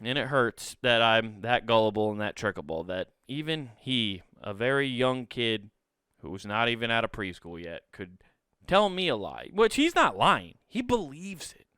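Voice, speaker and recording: A man's voice: mid-range voice, sing-song, moderate pace, pushed and bright, clear, resonant tone, no echo, clean studio sound. A man in his thirties from the US Midwest, hosting a podcast and telling a comedic story, self-mocking and swearing freely. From Sioux City, US Midwest.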